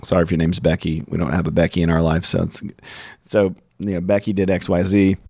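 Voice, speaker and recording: A man's voice: deep voice, brisk, no room sound, clean studio sound. A man hosting an interview, chatting casually and acting out both sides of his stories. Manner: animated storyteller, acts out both sides. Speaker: podcast host.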